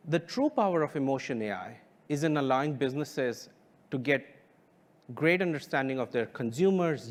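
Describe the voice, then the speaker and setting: A man giving a keynote as a company founder. He speaks in a measured, emphatic way with deliberate pauses. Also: fairly high pitch. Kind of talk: keynote presentation.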